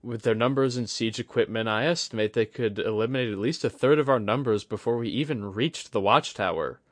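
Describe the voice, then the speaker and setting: A man's voice: mid-range voice, brisk, dry recording, close to an everyday voice. A man doing a nervous, formal scout. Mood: worried. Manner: formal, anxious.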